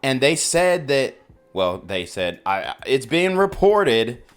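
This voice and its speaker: A man hosting a news commentary channel, reacting in casual talk with drawn-out exclamations. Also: mid-range voice, very animated, clear, resonant tone, soft background music. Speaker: host reacting to news clips.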